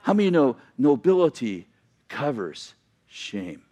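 A man's voice: mid-range voice, big pitch swings, unhurried, warm tone. A middle-aged man from the United States preaching a sermon in a church, telling a story and acting out the people in it, with self-deprecating humor. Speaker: pastor.

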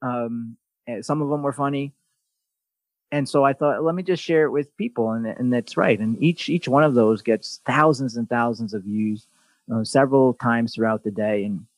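A podcast host chats casually, telling stories bluntly with plenty of swearing and sarcastic, mocking asides. His voice is medium in pitch at a moderate pace, and there's no room sound in the recording.

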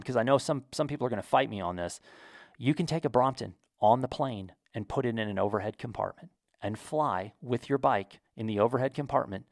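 A man's voice: mid-range voice, dry recording, studio quality. An American man telling an enthusiastic, chatty story to his viewers in a casual vlog. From United States. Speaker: vlogger. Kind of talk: casual talk to camera.

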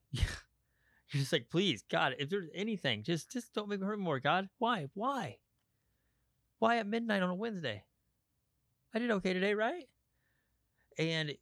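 A man talks through a personal podcast monologue in an open, unscripted way. He stops and restarts often and leans on fillers as he searches for words. His mid-pitched voice sits close and dry, with no room sound around it. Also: fairly bright tone, no room sound. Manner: candid, halting, with frequent restarts and fillers. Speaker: podcast host.

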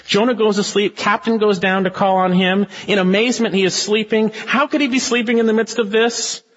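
Man preaching emphatically with rhetorical questions; raised, husky voice; muffled sanctuary recording. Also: high-pitched, fairly even intonation, brisk, big-room sound. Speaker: pastor. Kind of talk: expository sermon.

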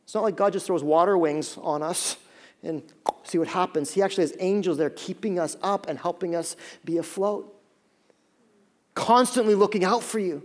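High-voiced animated male pastor preaching. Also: moderate pace. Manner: animated storytelling, acts out voices, many fillers. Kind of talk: sermon.

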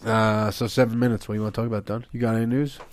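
A man's voice: on the low side, level tone, racing. A man hosting a podcast in teasing casual chat, keeping the conversation moving. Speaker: podcast host.

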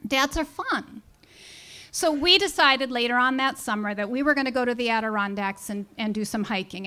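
High-voiced middle-aged woman telling stories. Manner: wry, animated storytelling with humorous asides. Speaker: storyteller at a story slam. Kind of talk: live personal storytelling. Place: live storytelling event in a brewery.

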